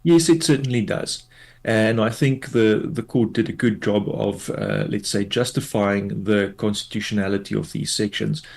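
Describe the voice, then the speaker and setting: Interviewed on radio news, a male tax law expert walks through a court ruling in a measured manner, using lots of fillers. He speaks with a lowish, creaky voice and fairly even intonation.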